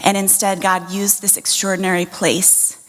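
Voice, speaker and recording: A woman in her forties giving an earnest, measured chapel talk, pausing often with "um". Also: medium pitch, level tone. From United States. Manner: measured and earnest, frequent "um" pauses. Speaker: chapel speaker. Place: college chapel. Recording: long hall reverb.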